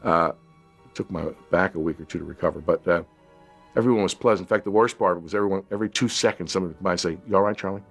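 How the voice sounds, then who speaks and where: Male actor interviewee, deep voice, reflective anecdote, light music bed. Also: racing, creaky, husky. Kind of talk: documentary interview recollection.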